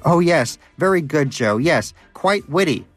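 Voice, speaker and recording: Snide storybook hamster, high and mocking, gloating with a lively swing, put on by a man narrator. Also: a little slow, dry recording, soft background music, natural voice. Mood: sarcastic. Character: sarcastic greedy male pet hamster.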